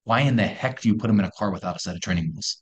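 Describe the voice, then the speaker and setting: A man with a low-set voice talks up his product in a podcast interview. He speaks emphatically and persuasively and leans on rhetorical questions to make his point. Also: rapid-fire. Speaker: company co-founder pitching a product.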